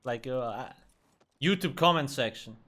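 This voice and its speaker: Blunt, bright-voiced male game streamer. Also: mid-range voice, animated, a little slow. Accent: German. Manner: blunt, profane, joking. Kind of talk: casual live-stream commentary.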